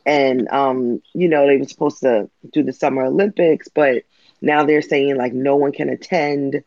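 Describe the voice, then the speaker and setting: A man chatting casually in an animated way, acting out what others say. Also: mid-range voice, normal speed, no echo. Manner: animated, acts out voices of others. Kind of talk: casual chat. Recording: dull lo-fi dry sound.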